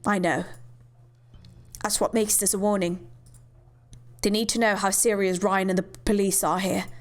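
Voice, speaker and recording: A woman's voice: mid-range voice, little pitch movement, moderate pace, lightly acted. A woman voicing a blunt, hard-nosed male police officer in a curt, matter-of-fact way while reading game cutscenes.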